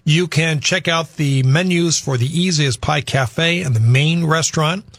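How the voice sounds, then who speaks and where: Upbeat husky-voiced radio host, man. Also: on the high side, moderate pace, a bit bright, no echo. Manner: upbeat, promotional. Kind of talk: casual radio talk.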